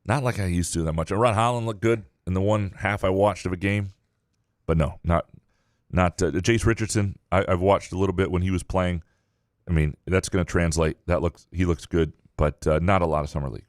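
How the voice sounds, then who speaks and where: A man co-hosting a sports podcast, answering listener questions in a casual, halting way with frequent restarts. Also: sits low, steady tone, no echo, studio quality. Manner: halting, many restarts and fillers. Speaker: podcast co-host.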